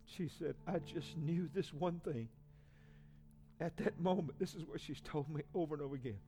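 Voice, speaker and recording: Emotional pastor preaching. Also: male voice, fairly high pitch, normal speed. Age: 40s. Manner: emotional, swings from hushed to loud. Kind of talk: testimony sermon.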